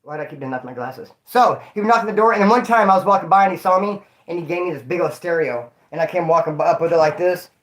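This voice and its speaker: Brief: young Northern California guy, higher-pitched, rambling and cussing through a livestream story. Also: fast, few pauses. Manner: rambling, slangy and profane.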